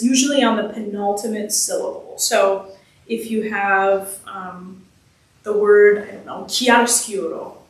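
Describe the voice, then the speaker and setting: A young adult woman, a singer answering audience questions after a concert, explaining things in a chatty way with quick laughs. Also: medium pitch. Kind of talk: casual post-concert Q&A. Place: church concert hall. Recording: echoey hall from far off.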